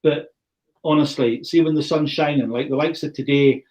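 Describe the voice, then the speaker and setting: A man's voice: fairly high pitch, fairly even intonation, moderate pace, a little mellow. A middle-aged man from the far north of Scotland with a Scottish accent, presenting an online whisky tasting in a chatty, rambling way and often restarting his phrases. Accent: Scottish, far north (Caithness). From Thurso, north of Scotland.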